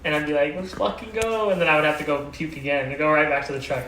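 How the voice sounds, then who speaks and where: Rambling young man, bright voice. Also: fairly high pitch, level tone, racing. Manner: rambling, laughing through the story, swearing. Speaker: podcast co-host. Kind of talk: casual chat, drunk story. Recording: echoey room, mic at a distance, faint background noise.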